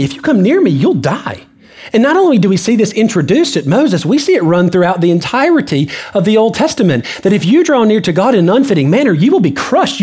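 A man's voice: high-pitched, darkish tone, slightly rough. A man preaching a sermon as pastor, emphatic and repetitive. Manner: emphatic preaching with repeated phrases. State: out of breath.

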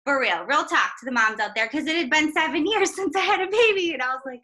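A woman with a bright, clear voice chats about her faith and family. She talks in a relaxed, self-deprecating way and laughs often. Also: high-pitched, quick pace. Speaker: guest, minister's wife and mother. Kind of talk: casual faith conversation.

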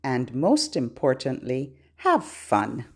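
A woman who works as a children's librarian, hosting a podcast and giving gentle tips to parents and babies in a slow, sing-song way. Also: extremely low pitch, huge pitch swings, breathy edge.

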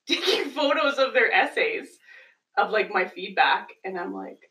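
A woman teacher chatting casually on a podcast, upbeat and quick with a joke. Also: mid-range voice, big pitch swings, sharp tone, recorded from a distance, rough recording. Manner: upbeat, laughing, quick quips. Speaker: teacher, podcast guest or co-host. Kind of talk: casual chat.

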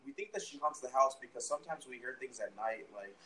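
This young man talks at a middle pitch and spins a long, rambling tale, full of swearing and stumbling restarts. A faint noise sits under his voice. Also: fast talker, sharp tone, rough recording. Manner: rambling, profane, many restarts and fillers. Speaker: podcast guest, musician. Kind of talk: casual storytelling.

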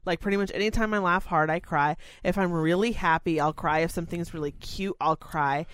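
A woman's voice: fairly low pitch, a little fast, no echo. A young woman co-hosting a podcast in casual chat, emotional and teary, swearing freely and gushing as she talks. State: teary, crying while talking. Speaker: podcast co-host.

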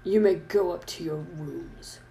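A woman voicing a stern male professor from a story she is reading aloud, speaking low, slow and hushed. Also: creaky, slight background noise. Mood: grudging.

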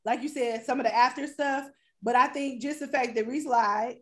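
A woman co-hosting a casual chat show, talking in a blunt, animated and profane way. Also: sits high, moderate pace. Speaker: podcast co-host.

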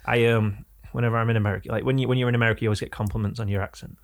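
Gravelly-voiced man from Oldham. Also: on the low side, fairly even intonation, rapid-fire. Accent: Oldham, northern English. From England. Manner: rambling anecdotes, self-correcting. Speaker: podcast co-host. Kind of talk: casual chat.

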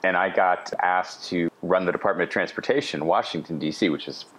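A middle-aged man spinning a long anecdote on a podcast, his voice sitting fairly low. He talks casually and with animation, slipping in chatty asides as he goes. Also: a little fast, fairly bright tone. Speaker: podcast guest. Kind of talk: casual storytelling.

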